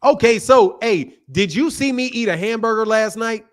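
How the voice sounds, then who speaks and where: Expressive and high-pitched, a man hosting a boxing channel's talk show argues at a normal pace. The debate runs hot, with him interrupting, cursing, and staying combative.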